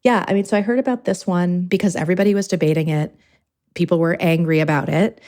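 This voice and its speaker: A woman's voice: lowish voice, fairly even intonation, a little mellow. A woman film director, a guest on a podcast, talking thoughtfully and articulately about her work. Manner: thoughtful and articulate, speeding up and slowing down as she reflects. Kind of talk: conversational interview.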